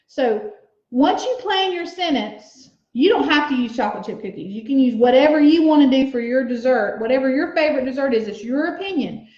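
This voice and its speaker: A high-voiced woman teaches young children to write, sounding out each letter slowly and cheering them on. The room around her echoes, and the sound is a little dull. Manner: slow, sounds out letters and words aloud; encouraging.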